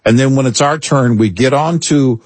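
A middle-aged male radio co-host with a husky, mid-pitched voice, recorded close and dry. He tells everyday stories with wry, animated emphasis. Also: moderate pace, no room sound. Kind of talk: casual on-air talk.

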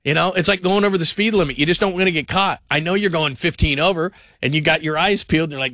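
A man hosting call-in sports radio, rambling and animated, sometimes mimicking people in funny voices. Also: high voice, fast, few pauses, no room sound, clean studio sound.

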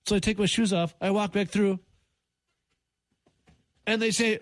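A man hosting a morning radio show, telling an airport story with animated, incredulous asides. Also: high voice, normal speed, pauses often, dry recording. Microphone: studio microphone.

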